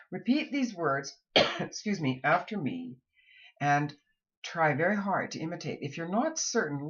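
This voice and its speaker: A woman running a pronunciation lesson, slowly and carefully modeling words for students to repeat. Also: sits low, breathy edge, lo-fi sound. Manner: slow, deliberate, modeling words in rhythm. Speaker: accent and pronunciation coach.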